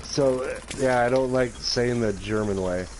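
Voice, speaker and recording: A man's voice: mid-range voice, a little slow, darkish tone. A man telling family stories in a rambling, casual way while co-hosting a game stream. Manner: rambling anecdotal storyteller. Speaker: streamer co-host. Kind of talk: casual gaming-stream chat. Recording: noisy stream mic.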